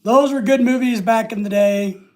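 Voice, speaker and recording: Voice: mid-range voice, normal speed. Chatty live-stream host, rambling and off the cuff. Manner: rambling, chatty, trailing off quietly. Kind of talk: casual live-stream chat.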